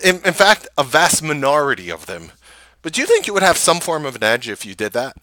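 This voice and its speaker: A man host recapping a trading day and pitching his course, emphatic and full of rhetorical questions. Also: wildly swooping pitch, brisk, sharp tone, no echo.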